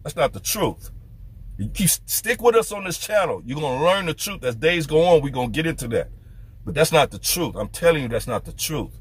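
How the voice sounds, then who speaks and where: A man's voice: on the high side, sing-song, a little fast, breathy edge. A man preaching as a street preacher, fervent and firing off rhetorical questions. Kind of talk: preaching to camera.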